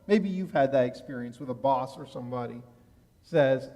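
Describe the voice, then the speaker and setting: A rabbi preaches from the pulpit, his voice sitting a little high for a man. He tells a story from his own life with animated energy and gets loud at the big moments. Every word rings out through a large, reverberant sanctuary. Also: measured pace, pauses often. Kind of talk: sermon with personal anecdote. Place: synagogue sanctuary. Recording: long reverb of a large hall.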